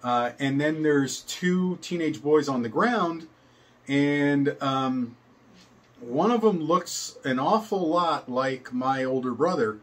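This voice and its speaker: A man's voice: fairly high pitch, slow pace. An older man casually telling a personal story, meandering with many fillers and chuckles.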